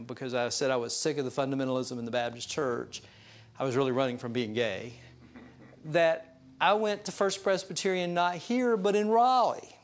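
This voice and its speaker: A male pastor preaching a sermon, telling stories in a folksy, self-deprecating way. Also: mid-range voice. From US South mountain region. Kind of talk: sermon storytelling.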